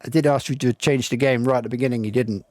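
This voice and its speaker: A man's voice: medium pitch, fairly even intonation, quick pace, a little mellow, no echo. A man streaming a game and chatting with live viewers, rambling and reflective with lots of ums. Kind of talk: casual chat with live viewers while playing. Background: faint game music.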